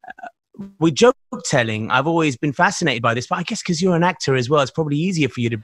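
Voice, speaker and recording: A man's voice: fairly high pitch, animated, fast talker, no echo. A man hosting a podcast, asking long, winding questions with many restarts. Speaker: podcast host. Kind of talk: casual podcast conversation.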